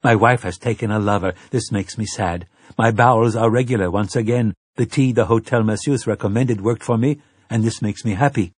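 A man voicing a dazed, white-haired male diplomat with a faint Scandinavian accent, speaking in a slow, flat, trance-like way. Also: on the low side, husky, no echo, clean studio sound.

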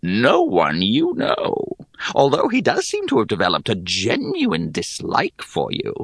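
A man's voice: medium pitch, huge pitch swings, unhurried, a bit bright, breathy edge, no room sound, studio quality, full character voice. A man voicing an ancient bald hag who gambles on everything, talking in a lazy, sly drawl.

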